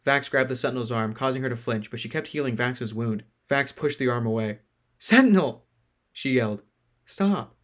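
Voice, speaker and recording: A man reading a fantasy novel aloud at a slow, even storytelling pace. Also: mid-range voice. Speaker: narrator.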